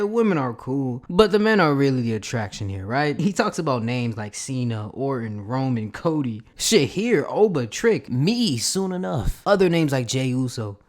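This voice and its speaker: A man's voice: mid-range voice, darkish tone. A man casually recapping a wrestling storyline for his channel in a slangy, profane, rambling way. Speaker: wrestling commentary vlogger.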